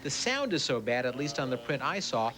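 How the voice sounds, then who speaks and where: A man's voice: medium pitch, very animated, brisk, rough recording. A man giving a sarcastic, joke-filled movie review as a television film critic. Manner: sarcastic, wisecracking.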